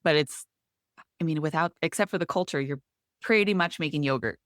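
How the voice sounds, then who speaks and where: A woman co-hosting a podcast in casual chat, relaxed and thinking aloud. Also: low voice, a little fast, dry recording, studio quality. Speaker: podcast co-host.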